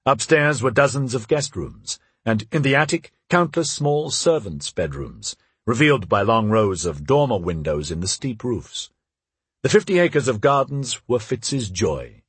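A man narrating a novel in a measured, expressive read on a close mic. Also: mid-range voice, breathy edge, dry recording. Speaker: audiobook narrator. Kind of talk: scripted narration.

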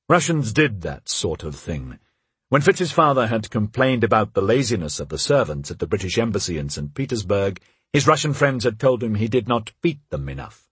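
A man narrating a novel in a measured, expressive read on a close mic. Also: on the low side, slightly rough, dry recording. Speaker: audiobook narrator. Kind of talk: scripted narration.

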